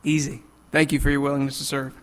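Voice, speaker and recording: A man chairing a legislative committee hearing, moving briskly through procedure with light chuckles. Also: mid-range voice, completely flat delivery, a bit bright. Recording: long hall reverb.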